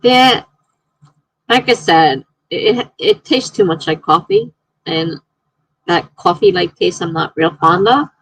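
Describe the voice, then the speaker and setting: A woman live-streaming from home, chatting casually, reading viewer comments aloud and telling excitable stories. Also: on the low side, slightly rough, dry recording, low-quality recording.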